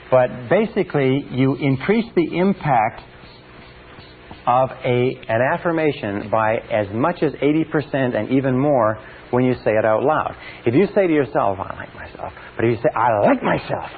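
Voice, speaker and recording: Man, motivational seminar speaker, emphatic, repeats lines slowly, tinny phone-like sound, faint hiss. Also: medium pitch.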